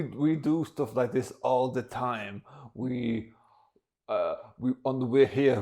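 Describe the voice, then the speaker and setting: A man's voice: medium pitch, darkish tone, close to an everyday voice. A man voicing a boastful, heartless male soldier villain, swaggering and bragging.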